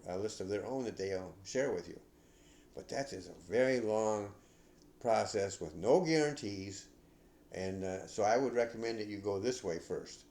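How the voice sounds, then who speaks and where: An older man hosting a podcast, giving casual advice in a rambling, halting way with many restarts. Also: fairly low pitch, a little mellow, echoey room. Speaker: podcast host.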